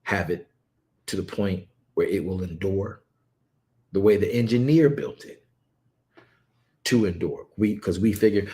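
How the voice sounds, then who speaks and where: A man preaching a lively Sabbath study on a livestream, repeating words and adding playful asides. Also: medium pitch, moderate pace. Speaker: pastor leading online Sabbath study. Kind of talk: lively sermon and livestream chat.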